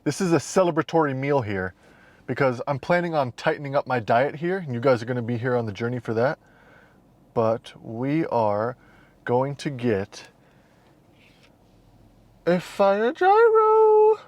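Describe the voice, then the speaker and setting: A man's voice: mid-range voice, moderate pace, dry recording. A young man talking casually to camera for a fitness vlog, playful and self-mocking, partly from inside a car. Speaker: fitness vlogger.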